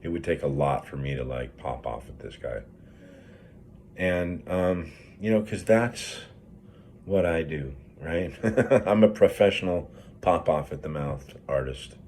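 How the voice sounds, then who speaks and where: Middle-aged man, grieving, low deep voice; loose profane vlog ramble, full of fillers. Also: animated, measured pace, darkish tone, a little hiss or hum. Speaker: project manager in recovery. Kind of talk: candid personal vlog.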